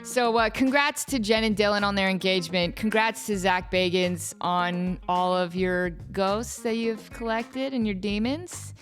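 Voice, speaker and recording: A woman in her thirties hosting her own podcast, telling a story in a chatty, animated way with lots of fillers and restarts. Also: medium pitch, measured pace, few pauses, soft background music. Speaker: podcast host. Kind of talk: casual solo storytelling.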